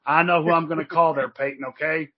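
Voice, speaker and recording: Sex: man. Origin: Louisville. Role: co-host. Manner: chatty, joking. Pace: fast. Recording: muffled lo-fi. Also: a little high, little pitch movement. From Louisville, Kentucky. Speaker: podcast co-host. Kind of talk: casual interview chat. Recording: dull lo-fi audio.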